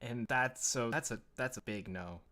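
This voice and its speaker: A man's voice: mid-range voice, normal speed, sharp tone. Rambling man from New England. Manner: hesitant, rambling, frank opinions. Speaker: co-host of a fan talk show. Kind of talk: casual chat.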